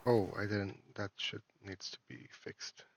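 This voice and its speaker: A man, an indie game developer and a father, talks through his game in a casual devlog, halting and full of fillers and restarts. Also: lowish voice, flat delivery, slight background noise. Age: adult, a parent. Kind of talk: casual screen-recorded devlog.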